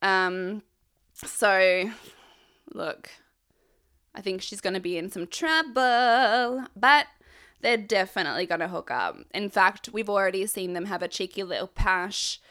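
A young woman recaps a reality show with irreverent sarcasm and free swearing. She talks slowly and leisurely, her tone bright and forceful. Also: mid-range voice, lively intonation. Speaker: recap vlogger.

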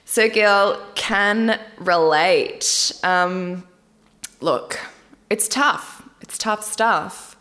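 A woman's voice: mid-range voice, very slow, fairly bright tone. A young woman vlogging casually about a dating show, candid and chatty, often laughing and swearing lightly. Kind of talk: casual chat.

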